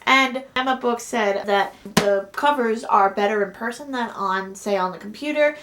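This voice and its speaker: A young woman talking casually in a book haul vlog, gushing with excitement and often repeating how excited she is. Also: on the high side, moderate pace, a little hiss or hum. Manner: gushing, repeats "so excited", bursts into squeals and whispers. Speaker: book vlogger.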